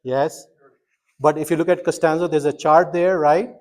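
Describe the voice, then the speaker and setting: Animated man lecturing a medical class. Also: fairly high pitch, normal speed. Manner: quizzing students, animated and emphatic. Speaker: medical school instructor.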